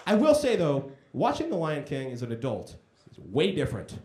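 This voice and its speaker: A man performs stand-up in a comedy club, his voice sitting a little high and swinging up and down with lively energy. He talks casually and mocks himself, acting out quick voices as he goes. The room around the mic gives a noticeable echo. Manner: conversational, self-deprecating, acts out voices in quotes.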